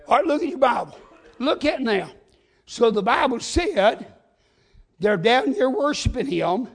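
A man preaching a sermon, telling folksy stories and rising into shouts. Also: very high-pitched, big pitch swings, unhurried, long pauses.

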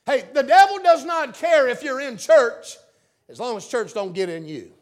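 High-pitched fervent man preaching. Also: lively intonation, moderate pace. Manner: fervent, swings between hushed and shouting. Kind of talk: revival sermon. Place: church.

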